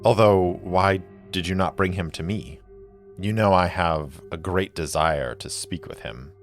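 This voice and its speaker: A man voicing a solemn, guarded woman mage who speaks in measured, terse questions. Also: low-pitched, faint music behind.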